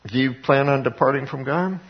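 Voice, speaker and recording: A man preaching a sermon, reading scripture and explaining it in plain talk. His delivery is conversational, full of fillers and restarts, and turns emphatic at times. The voice sits in a middle pitch, and the recording sounds a bit dull and lo-fi. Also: brisk, breathy edge. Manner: conversational, with frequent fillers and repeated words, rising to emphatic.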